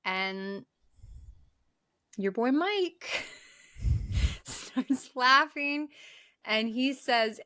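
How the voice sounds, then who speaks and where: A woman with a bright, forceful voice recaps a film in casual podcast chat. She swears freely and tells the story with animation. Her voice sits a little high. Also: drawn-out words, pauses often. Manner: animated, profane retelling. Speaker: podcast co-host.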